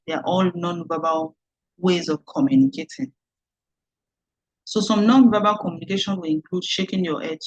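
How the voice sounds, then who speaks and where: Course lecturer, mid-pitched, dry close sound, explains step by step and repeats key points. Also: no room sound, poor audio. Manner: explanatory, repeats key words for emphasis, checks understanding. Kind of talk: recorded online lecture.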